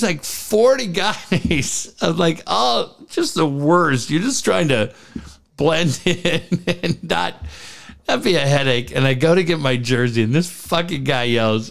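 A man's voice: fairly high pitch, expressive, moderate pace, vocal fry. A middle-aged man co-hosting a casual podcast, telling funny stories with lots of laughing, swearing and acted-out voices. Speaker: podcast co-host. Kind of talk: casual chat, storytelling.

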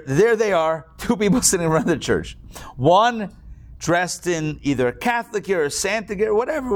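A man teaching a Torah class to a live audience, chatty and joking, with a lot of digressions. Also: a little high.

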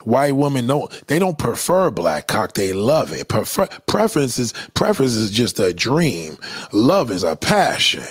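A man's voice: medium pitch, sing-song, measured pace, breathy edge, dry recording, clean studio sound. A man delivering a blunt, profane, opinionated monologue in a lecturing tone.

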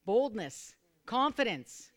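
A woman preaching a sermon to a small group, repeating phrases and calling for responses, sometimes bursting into loud, fervent exclamations. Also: fairly high pitch, big pitch swings, takes it slowly. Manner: repetitive, calls for responses from listeners.

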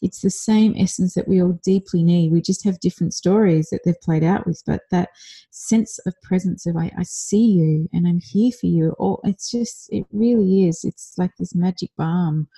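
A woman talks on a podcast in a soft, affirming way. Her voice is low and very mellow, with a husky breathiness. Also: moderate pace. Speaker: podcast co-host. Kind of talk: casual conversational podcast chat.

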